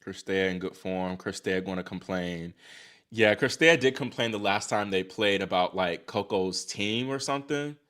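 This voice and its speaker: Excitable young man chatting on a livestream. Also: low voice, normal speed. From Virginia, US. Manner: excitable, talks to chat, sighs and exclaims. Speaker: livestream host reacting to tennis. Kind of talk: casual live-stream chat.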